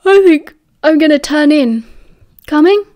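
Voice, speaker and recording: A woman's voice: sits high, animated, measured pace, voice pushed up. A woman doing an eager British teenage boy. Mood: tired. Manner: bright, eager, reassuring.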